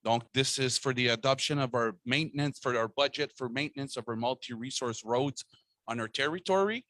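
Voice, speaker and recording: Brief: mid-pitched man, halting budget presenter, dry sound. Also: fairly bright tone, no echo. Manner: hesitant, many fillers, switching between French and English. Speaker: council official presenting a budget. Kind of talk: formal meeting presentation.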